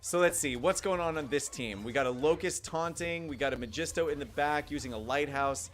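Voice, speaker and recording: A man's voice: fairly high pitch, fairly quick, fairly bright tone, faint music behind. Chatty man streaming a game. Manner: chatty, thinks aloud, reads chat. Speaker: gaming livestreamer. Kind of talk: casual live gameplay commentary.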